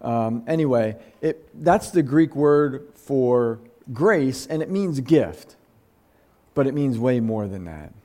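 A man's voice: mid-range voice, animated, takes it slowly, mellow. A man preaching a conversational sermon, earnest and close to tears, often restarting his sentences. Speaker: pastor.

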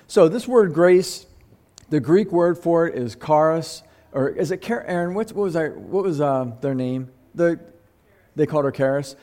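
A man's voice: mid-range voice, mellow. A man preaching a conversational sermon, earnest and close to tears, often restarting his sentences. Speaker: pastor.

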